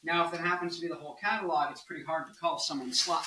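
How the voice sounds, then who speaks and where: Young man, early 20s, tired, zany music rant, bright edgy voice, casual vlog. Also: on the high side, fast, hardly any pauses, low-quality recording. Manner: zany, bursts into loud off-key singing and mock anger. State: tired late in the day. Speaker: rock singer and guitarist, channel host. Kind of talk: casual talking-head music commentary.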